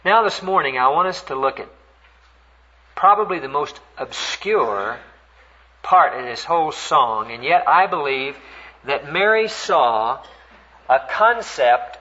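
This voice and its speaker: An older man preaching a sermon, earnest and animated as he tells a story, voice climbing high when stirred. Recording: dull, lo-fi recording.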